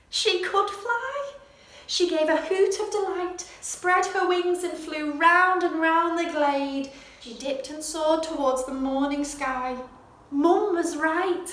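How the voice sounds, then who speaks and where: A woman hosting a children's story corner, reading a bedtime story with expressive, animated narration. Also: very high-pitched, slow. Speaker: storyteller host. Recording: very echoey room.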